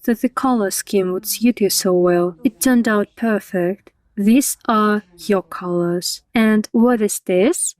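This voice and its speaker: A woman chats through a makeup session in short, quick exchanges, full of questions. Her voice sits at an ordinary middle pitch. The sound is dry and close, with no room echo. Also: a little mellow. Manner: chatty, lots of short questions. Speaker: vlogger reviewing a makeup artist. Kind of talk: dubbed conversational chat.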